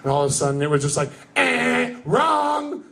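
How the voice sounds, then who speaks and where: A young man performing a stand-up comedy set in a live club, telling stories with energy and breaking into shouted character voices. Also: medium pitch, completely flat delivery, very fast. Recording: noisy live club recording. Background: audience laughter.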